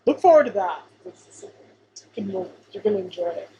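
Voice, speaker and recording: A woman co-hosting a podcast in casual chat, quick to agree and laugh, with playful commentary. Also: medium pitch, expressive, highs cut off, background noise. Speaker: podcast co-host. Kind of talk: casual chat reviewing a sitcom episode.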